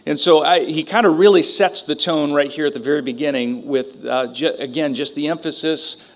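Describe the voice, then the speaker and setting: A man teaching a Bible lesson from the pulpit in a relaxed, conversational way. His voice sits fairly high for a man, and he often pauses, restarts and fills gaps with um and uh. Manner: conversational, with frequent fillers and restarts. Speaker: pastor. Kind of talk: sermon teaching.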